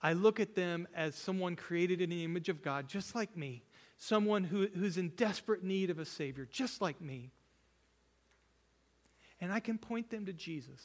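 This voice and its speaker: A man's voice: high-pitched, moderate pace. A man preaching a sermon as a pastor, earnest and repetitive, building emphasis on key phrases.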